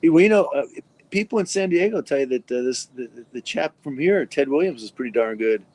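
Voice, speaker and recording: A man's voice: medium pitch, animated, a little fast, darkish tone. A man co-hosting a sports talk show, adding affable remarks and questions in casual conversation. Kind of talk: casual talk, short reactions. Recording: echoey room.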